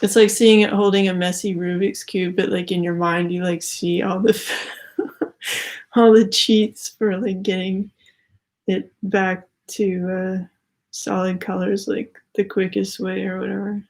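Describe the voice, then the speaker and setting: A woman's voice: medium pitch, flat delivery, unhurried, darkish tone. A young adult woman giving a casual spiritual tarot reading, rambling with many "like" fillers and slightly out of breath. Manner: rambling, heavy use of "like" fillers. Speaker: tarot card reader.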